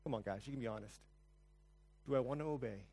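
A male pastor giving a conversational sermon, telling stories, asking the congregation questions, and swinging between soft and loud. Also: medium pitch, fast talker. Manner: storytelling, asks the congregation questions.

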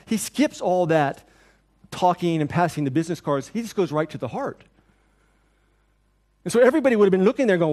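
Animated, conversational male pastor preaching. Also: high-pitched. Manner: conversational and animated, acting out quotes; drops to a soft, quiet voice in tender passages. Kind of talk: sermon.

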